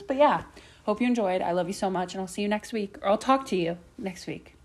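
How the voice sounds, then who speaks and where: A woman's voice: medium pitch, a little fast. A young woman hosting her own podcast, rambling casually from topic to topic and swearing a lot. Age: young adult. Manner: chatty, swears a lot, jumps between topics. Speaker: podcast host.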